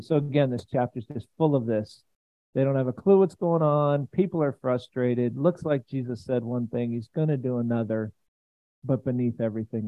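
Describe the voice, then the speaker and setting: A man's voice: mid-range voice, moderate pace, long pauses, no echo. A man preaching a conversational sermon in a church, chatty and enthusiastic, with frequent asides to the congregation. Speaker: pastor. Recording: dry, tinny phone-like sound.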